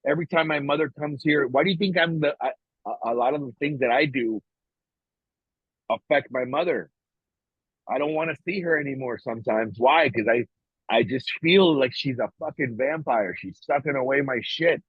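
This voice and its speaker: A man's voice: mid-range voice, normal speed, slightly rough, dry recording. A man talking casually on a podcast, blunt and profane, often emotional and restarting his sentences. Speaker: podcast co-host. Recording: dry, tinny phone-like sound.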